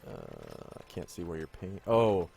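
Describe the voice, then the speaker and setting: A man's voice: deep voice, huge pitch swings, measured pace, gravelly, a little mellow. A man acting as game master, casually describing scenes while sorting out audio trouble on a voice call. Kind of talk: running an online tabletop game.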